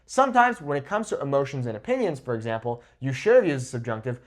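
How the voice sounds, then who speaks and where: A young man teaching a Spanish grammar lesson at a whiteboard. He slows down to say each example clearly and keeps checking in with "okay?". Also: medium pitch. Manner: lively, repeats "okay?" after each example; slows down to model Spanish pronunciation.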